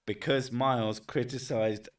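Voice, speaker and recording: A man's voice: medium pitch, steady tone, unhurried. Guy rambling on a livestream, swears a lot, laughs, sounds a bit far from the mic. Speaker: streamer. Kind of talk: casual livestream chat.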